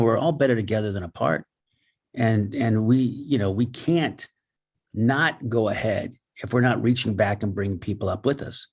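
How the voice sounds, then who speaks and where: A man's voice: on the low side, slightly rough. A man talking earnestly in a casual, storytelling way, often repeating and stumbling over his words. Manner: earnest, repeats himself, stammers. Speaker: host and guest speaker. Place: Los Angeles area home. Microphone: video call.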